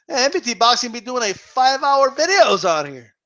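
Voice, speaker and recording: A man with a high-pitched voice hosts a loose boxing chat stream, reading viewer questions out loud. He laughs a lot, drops slang and swears casually, and his speed keeps shifting between quick bursts and slow stretches. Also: muffled recording. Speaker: host of a boxing talk stream.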